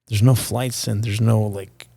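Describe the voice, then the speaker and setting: A man's voice: on the low side, fairly even intonation, a little slow, creaky, dark tone, breathy edge, no echo. A young man from Nicaragua, a podcast guest telling a personal story in a candid, profane, casual way. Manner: candid and profane, addresses host as dude and bro.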